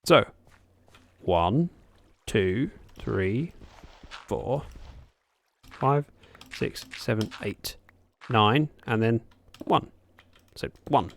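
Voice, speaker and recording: A man's voice: medium pitch, lively intonation, very slow, creaky, long pauses. Streamer, male, chatty and rambling with viewers; voice swings up and down a lot. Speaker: livestreamer. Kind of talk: casual gaming livestream chat. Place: room at home by a window.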